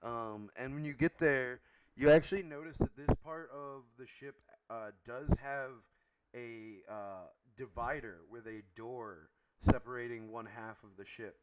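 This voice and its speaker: A man runs a tabletop game, narrating in a halting way with frequent fillers and self-corrections. His voice sits at a middle pitch. A home microphone picks him up over a loud hiss of background noise. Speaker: game master.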